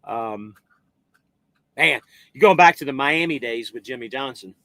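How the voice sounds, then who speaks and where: A man's voice: mid-range voice, unhurried, gravelly, bright, forceful tone, dry recording. An American man hosting a trucking live stream, chatting casually and rambling while he reads viewer comments. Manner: loose, rambling, swears casually. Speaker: trucking livestream host.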